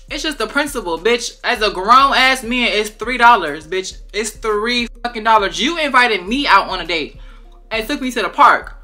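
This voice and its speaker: A young woman, telling a dating story in a casual vlog, profane, sassy and animated. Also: fairly high pitch.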